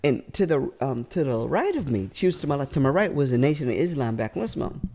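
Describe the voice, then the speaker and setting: A man from California telling funny stories in a casual chat, animated, laughing often and restarting his sentences. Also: mid-range voice, a little fast, gravelly, a crowd in the background. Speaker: comedian guest.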